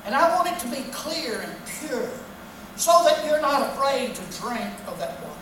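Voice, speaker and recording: A stern, scolding God, as a woman preacher puts him on, delivered in a high voice. The words ring through a big echoing room, picked up from far off. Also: lively intonation, moderate pace, noisy background. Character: displeased God rebuking his people. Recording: echoey hall from far off.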